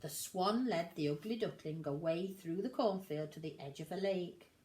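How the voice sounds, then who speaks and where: A woman reading a picture book aloud to children in an animated, sing-song storytelling way. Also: on the low side, normal speed.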